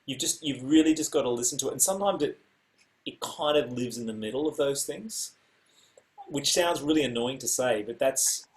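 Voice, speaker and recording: A man's voice: medium pitch, normal speed, low-quality recording. A man giving an online music lesson, talking casually and explaining rhythms by singing them out, over a video call mic. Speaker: music teacher.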